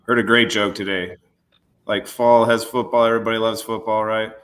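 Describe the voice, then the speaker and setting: A man's voice: fairly low pitch, little pitch movement, normal speed, fairly bright tone. A man co-hosting a casual sports podcast, laid-back and jokey, over a video call. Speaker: podcast co-host.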